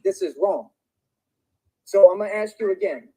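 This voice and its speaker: A man's voice: sits high, big pitch swings, normal speed, gravelly, dark tone, breathy edge, poor audio. A man angrily ranting on a livestream, agitated and threatening, repeating himself. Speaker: streamer in played clip. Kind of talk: angry livestream rant.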